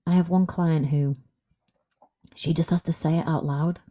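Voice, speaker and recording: Lady coach chatting on her podcast, low mellow voice, frank and lively. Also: normal speed. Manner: frank, conversational, animated. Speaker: confidence coach. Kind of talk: solo podcast monologue.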